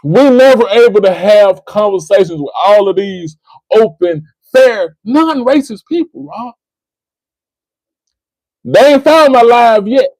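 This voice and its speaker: High-voiced emphatic man on a livestream. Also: animated, measured pace, darkish tone, no room sound, poor audio. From United States. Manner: emphatic, repeats phrases, addresses a listener by name. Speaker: livestream host. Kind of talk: impassioned livestream commentary.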